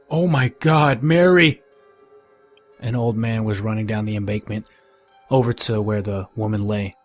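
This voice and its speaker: Low-voiced man narrating a horror story. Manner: measured, grim storytelling. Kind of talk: scripted first-person horror narration. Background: faint music.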